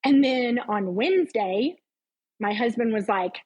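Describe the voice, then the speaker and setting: A woman's voice: a little high, lively intonation, unhurried, dark tone, husky, rough recording. A middle-aged woman, a podcast guest, giving an earnest, heartfelt personal faith testimony.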